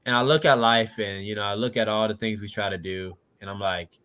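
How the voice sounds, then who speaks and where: A man from Washington DC in his late twenties tells his life story on a podcast in a casual, earnest manner. His voice sits on the low side and is steady, fairly quick, sharp, and smooth. "You know what I'm saying" comes up often.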